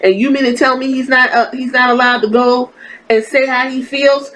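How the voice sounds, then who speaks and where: A woman with a slightly high voice rants through her podcast commentary. She is blunt, exasperated and freely profane. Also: normal speed, slight background noise, rough recording. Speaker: podcast host. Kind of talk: ranting wrestling commentary.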